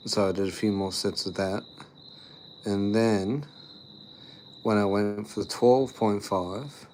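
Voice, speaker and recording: A man's voice: on the low side, a little mellow, slight background noise. A tired young man, chatting casually on a live stream, rambling with lots of fillers as he reads and answers chat. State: tired after the gym.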